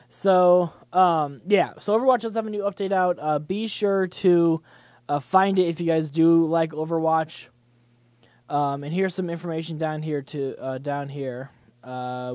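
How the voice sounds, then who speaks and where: A man's voice: high voice, darkish tone, no echo. A young man hosting a casual livestream, chatting loosely about gaming news with many fillers and restarts. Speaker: livestream host.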